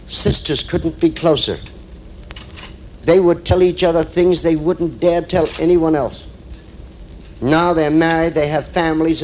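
A man's voice: fairly high pitch, darkish tone, low-quality recording. A man telling jokes on stage in a chatty, storytelling stand-up delivery. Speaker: comedian.

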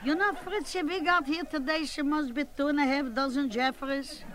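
A woman's voice: high-pitched, steady tone, moderate pace, a crowd in the background, close to an everyday voice, poor audio. A woman playing a gossipy, bossy woman, rambling and scolding in a comic monologue. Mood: gossiping. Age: 80s. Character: gossipy bossy elderly woman at a family gathering.

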